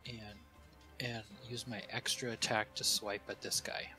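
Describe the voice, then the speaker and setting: A man with a strikingly sharp, tense voice plays in a tabletop game, speaking at an unhurried pace. He reacts to every hit with eager, upbeat enthusiasm and counts out his moves. Faint music runs underneath. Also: lowish voice, little pitch movement. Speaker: player. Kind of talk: casual tabletop play.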